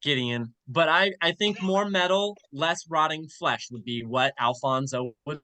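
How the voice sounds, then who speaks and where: A player in a tabletop game, animated and insistent, acting out what their character does. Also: mid-range voice, a little slow, no room sound, low-quality recording. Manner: animated and insistent, retelling scenes. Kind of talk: casual tabletop game banter.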